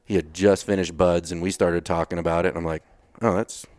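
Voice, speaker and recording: A man's voice: sits low, level tone, fast, a little mellow, dry recording, studio quality. A man from Texas, a retired Navy SEAL, telling blunt, casual stories as a podcast guest. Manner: blunt, swears casually, acts out his own past lines. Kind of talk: casual storytelling interview.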